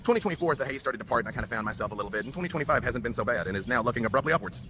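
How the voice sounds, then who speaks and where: Man, mid-pitched, rapid bitter account, noisy played-back clip. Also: lively intonation. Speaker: guest recounting a dispute.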